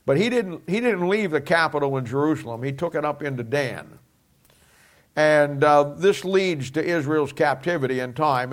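Speaking with a fairly high pitch, a middle-aged man teaches a Bible sermon, hammering home repeated phrases and at times going quieter.

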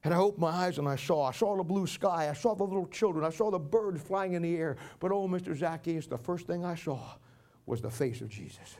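A man's voice: fairly high pitch, a little fast, a little mellow, pitched below the performer's own voice, close to an everyday voice. A man voicing an old blind beggar who is testifying with fervent joy. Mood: awed. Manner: fervent storytelling, crying out.

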